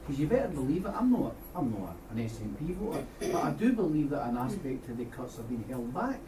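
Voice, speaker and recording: A man's voice: mid-range voice, very animated, a little fast, warm tone. Blunt Scottish man in an echoey hall. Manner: blunt, colloquial, storytelling. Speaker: trade unionist audience member. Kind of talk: impassioned debate contribution. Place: meeting room at a union debate. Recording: echoey hall, distant mic, noisy.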